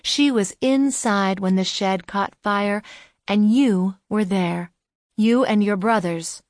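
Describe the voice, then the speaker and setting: A woman's voice: medium pitch, takes it slowly, no room sound, clean studio sound, natural voice. A woman playing a determined, probing young woman. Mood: insistent. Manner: probing, insistent questioning.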